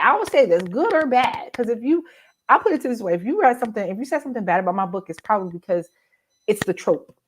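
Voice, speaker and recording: A woman, an independent author, talking casually on a publishing panel over a video call, bursting with energy, with restarts and laughter. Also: a little hiss or hum. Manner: animated, acts out quotes with big jumps in pitch.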